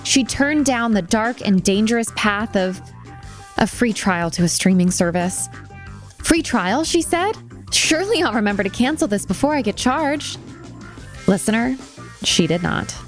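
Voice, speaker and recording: A woman's voice: on the high side, lively intonation, measured pace, soft background music. A woman hosting a podcast who listens encouragingly and reads an ad playfully. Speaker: podcast host. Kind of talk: casual podcast chat and read ad.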